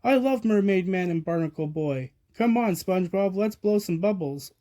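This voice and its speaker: A man doing a slow, dopey cartoon starfish. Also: sits high, lively intonation, dark tone, voice pushed up. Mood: goofy. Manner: slow, simple, bumbling. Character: dim, good-natured, clumsy male cartoon starfish.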